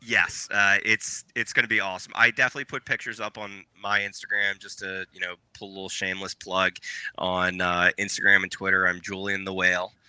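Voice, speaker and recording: A man chatting as a podcast guest, rambling with many fillers and shout-outs. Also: low voice, level tone, fairly quick, clean tone, no room sound. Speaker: podcast guest, paintball player. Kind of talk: casual podcast chat.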